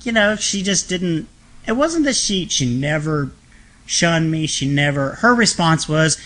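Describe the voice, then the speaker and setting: A man telling stories as a guest on an interview podcast, feisty and frank with a quick sense of humor. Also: on the high side, lively intonation, fairly bright tone. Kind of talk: casual storytelling conversation.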